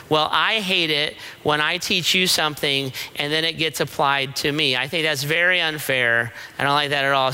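A man's voice: on the high side, pushed and bright, clean tone, rough recording. A middle-aged man giving a conversational sermon as pastor, telling stories and checking in with rhetorical questions. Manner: storytelling with frequent rhetorical "right?" checks.

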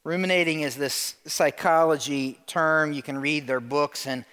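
A man's voice: on the high side, steady tone, unhurried, bright, forceful tone, clear, resonant tone, in a large hall. A male pastor preaching a sermon in a conversational way, often calling on the congregation to answer. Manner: conversational, calls on the congregation to respond.

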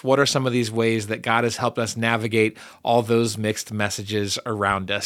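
A man's voice: medium pitch, no room sound, clean studio sound. A man hosting a faith podcast, upbeat and chatty, laughing easily and reading a listener question. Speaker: podcast host. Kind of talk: casual podcast chat.

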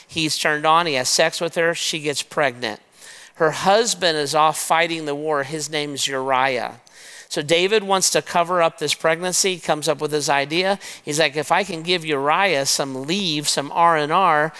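Bright, crisp male preacher in a hall. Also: a little high. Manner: retells scripture as lively storytelling, addresses the crowd as guys. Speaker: pastor. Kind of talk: sermon. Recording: long reverb of a large hall.

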